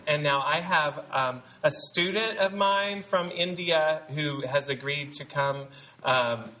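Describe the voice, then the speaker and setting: A man's voice: medium pitch, pushed and bright, a little hiss or hum, low-quality recording. A man in his forties giving a rambling, chatty dialect lesson to actors at a read-through, laughing often. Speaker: dialect coach. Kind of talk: informal acting lesson talk. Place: theater rehearsal room at a read-through.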